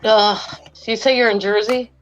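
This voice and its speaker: A woman's voice: fairly high pitch, steady tone, moderate pace, highs cut off, faint music behind. A woman from Western Kentucky, a guest chatting casually on a video call and rambling with many restarts.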